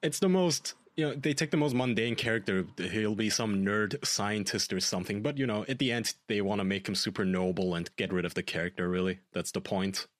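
Male co-host, slightly low voice, dry close sound, exasperated ranter. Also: fairly quick, hardly any pauses, no room sound. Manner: ranting, profane, exasperated. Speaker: podcast co-host. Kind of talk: casual chat.

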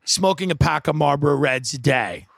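A man's voice: on the high side, normal speed, vocal fry, fairly bright tone, dry recording, studio quality. Wry, profane man telling a stand-up story. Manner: wry, profane, rambling with asides. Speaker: comedian.

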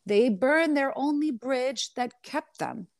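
A woman reality TV star in an interview, telling her side of a clash in a sassy, animated way and calling the listener honey. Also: high voice, slow pace, no echo, clean studio sound. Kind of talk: candid storytelling interview.

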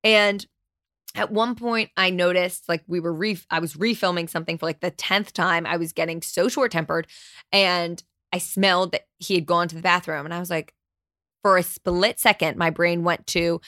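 A woman's voice: fairly low pitch, fairly even intonation, moderate pace, fairly bright tone, no room sound, clean studio sound. A young adult woman hosting a solo podcast, talking candidly and emphatically, swearing now and then. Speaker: podcast host.

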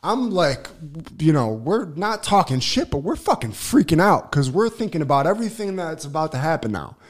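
A man telling a long personal story on a casual podcast, swearing freely, restarting sentences and getting loud when excited. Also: fairly high pitch, moderate pace. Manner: profane, rambling, lots of restarts and fillers; gets loud and excited when reliving events. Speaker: podcast co-host.

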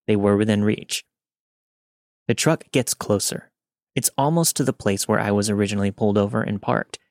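Guy with a lowish voice reading a creepy true story, dry close sound. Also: a little mellow, dry recording. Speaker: narrator. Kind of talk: scripted first-person scary story narration.

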